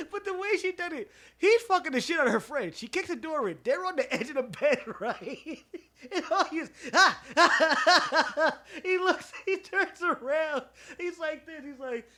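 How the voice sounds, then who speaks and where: Animated, high-voiced young man. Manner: animated, laughing storyteller, profane. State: stuffy nose. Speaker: podcast co-host. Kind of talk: casual storytelling chat.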